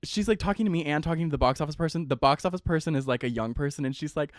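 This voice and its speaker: A man's voice: on the high side, rapid-fire, no echo, studio quality. A young man hosting his own podcast, telling a long story in a chatty, casual way, full of "like" and playful slang. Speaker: podcast host.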